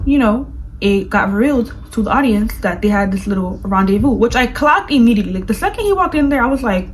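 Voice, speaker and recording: A woman vlogger reviewing a movie in casual chat, gushing and animated, with lots of "like". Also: a little high, fast talker, a little hiss or hum, low-quality recording. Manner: gushing, animated, fills speech with "like".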